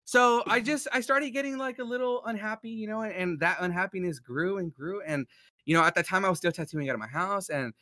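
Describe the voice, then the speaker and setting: A young man, a guest tattoo artist, telling his story in a rambling casual way, full of "like" and "you know" and quick laughs. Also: high voice, pushed and bright, dry recording, studio quality.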